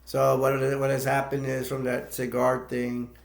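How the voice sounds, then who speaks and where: A man's voice: medium pitch, completely flat delivery, measured pace, creaky. A man casually retelling a film's plot as a movie reviewer, rambling and laughing between points. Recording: echoey room.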